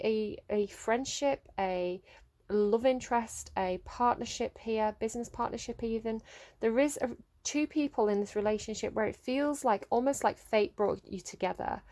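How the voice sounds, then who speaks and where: A woman giving an emotive tarot reading, speaking gently and pausing to search for words. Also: on the high side. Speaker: tarot reader.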